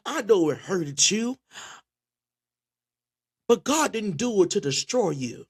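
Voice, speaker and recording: A man's voice: high-pitched, big pitch swings, slow pace, pauses often, a little mellow, breathy edge. A man preaching a sermon with passion, often repeating words as he restarts his phrases. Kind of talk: spoken sermon.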